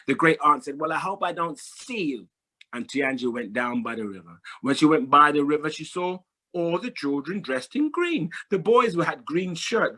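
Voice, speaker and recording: Male oral storyteller; slightly high, rhythmic, dramatic repetition. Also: sharp tone. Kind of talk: oral folk-tale telling to an audience.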